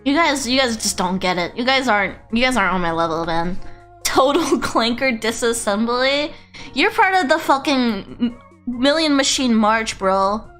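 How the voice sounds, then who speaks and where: A woman VTuber chatting on a casual livestream, rambling, excitable and swearing freely. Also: fairly high pitch, normal speed, soft background music. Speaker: VTuber streamer.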